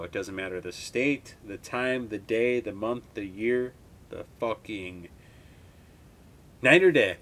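A young man in his twenties from Wisconsin hosts a podcast, recounting things in a loose, meandering monologue. His talk is laid-back and full of swearing. The pitch of his voice sits in the middle for a man. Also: animated, moderate pace. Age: 20s. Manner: rambling, heavily profane, laid-back. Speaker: podcast host. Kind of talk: casual storytelling monologue.

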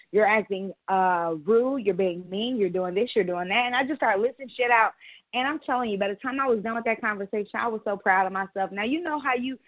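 A woman's voice: medium pitch, no echo. A woman co-hosting a podcast, telling a story in candid casual chat and swearing freely. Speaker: podcast co-host. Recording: dry tinny phone-like audio.

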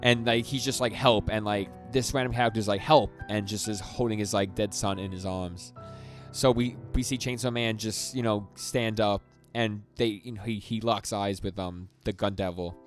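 A young podcast co-host recaps a manga in casual, rambling chat, full of stammered restarts and acted-out quotes. His fairly low voice holds a steady tone at normal speed with hardly any pauses, and music plays underneath.

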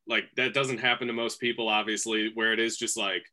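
A podcast co-host chatting casually, hesitant and full of filler words. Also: male voice, fairly low pitch, level tone, brisk, sharp tone. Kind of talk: casual chat.

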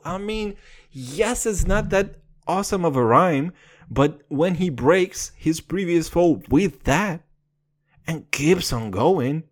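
A man hosting a podcast, talking in an excitable, profane, jokey way. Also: takes it slowly. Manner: excitable, profane, jokey, with big pitch swings. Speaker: podcast host. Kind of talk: casual podcast chat.

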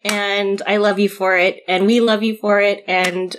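A woman co-hosting an interview who speaks slowly and haltingly, with pauses. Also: medium pitch, level tone, fairly bright tone, a little hiss or hum. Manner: slow, halting and emotional.

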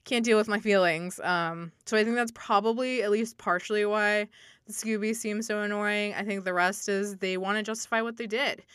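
Young woman podcast co-host, bright and crisp, thoughtful, chatty, close and dry. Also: medium pitch, fairly even intonation, moderate pace, dry recording. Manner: thoughtful, chatty, heavy use of "like". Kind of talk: casual chat analyzing a TV episode.

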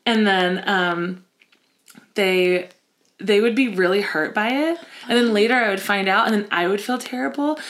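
A woman co-hosting a podcast in casual chat, animated and laughing easily as she acts out what she would say. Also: medium pitch, normal speed. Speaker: podcast co-host.

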